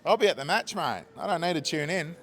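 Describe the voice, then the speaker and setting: Man, cricket fan, matey and confident, slightly raised pitch. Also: animated, fast talker, a bit bright, soft background music. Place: outdoors on a city street.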